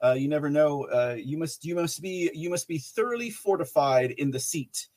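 A livestream podcast host chats loosely with viewers, reading their messages aloud, laughing often, and rambling with plenty of fillers and restarts. His voice is on the high side and a little mellow, with lively intonation and a moderate pace.

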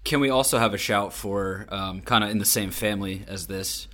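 Low-voiced rambling podcast man. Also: normal speed, a bit bright. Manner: rambling, filler-heavy, dry jokes. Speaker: podcast co-host. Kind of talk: casual football banter.

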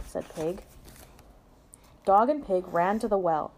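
A woman reading a children's picture book aloud to a small child at home, in an expressive sing-song storytelling manner. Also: medium pitch, takes it slowly, long pauses.

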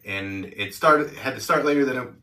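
A man's voice: mid-range voice, normal speed, sharp tone, distant mic. Rambling man host in an echoey room. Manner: rambling, laughing, full of fillers. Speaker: podcast host. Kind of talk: casual chat.

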